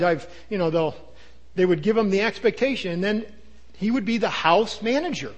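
Animated older male pastor preaching. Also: high-pitched, normal speed. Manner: animated preaching with acted asides. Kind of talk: sermon.

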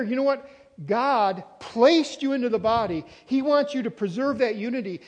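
A man's voice: high voice, a little mellow. A man preaching a sermon as pastor, earnest and emphatic, repeating key words. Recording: reverberant hall, long echo.

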